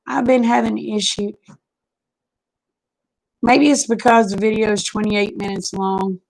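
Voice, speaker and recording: Folksy woman vlogger, slow and gravelly, chatty live-stream host. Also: mid-range voice, rough recording. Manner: chatty and folksy, drawling, greets viewers by name. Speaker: vlogger greeting live chat viewers. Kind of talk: casual live-stream chat.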